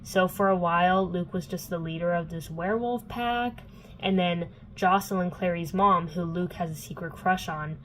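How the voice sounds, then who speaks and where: A woman's voice: fairly low pitch, moderate pace, slight background noise, poor audio. A young woman vlogging a casual, sarcastic book recap full of fillers. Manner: chatty, filler-heavy, sarcastic asides.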